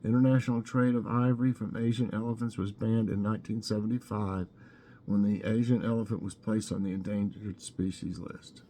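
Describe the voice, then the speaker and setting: On his relaxed morning trivia vlog, this Tennessee host talks fairly quickly with a fairly low, dark voice and fairly even intonation, chatting and reflecting as he reads questions, choices and answers. A little hiss or hum sits under the audio.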